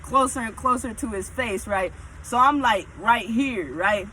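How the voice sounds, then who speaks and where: A woman telling a casual storytime, animated and emphatic, often checking in with her listeners. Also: a little high, a little slow, a little hiss or hum, poor audio.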